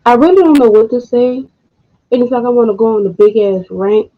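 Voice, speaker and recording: A woman co-hosting an online talk stream, speaking with frustration and halting pauses, close to tears, with blunt profanity. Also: a little high. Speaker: co-host. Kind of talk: emotional commentary. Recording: dull lo-fi home recording.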